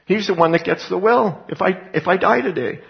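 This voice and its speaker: Older male pastor, gravelly, chatty Bible-teaching sermon, dull lo-fi sound. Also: high-pitched, a little fast. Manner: conversational Bible teaching with personal asides and laughs.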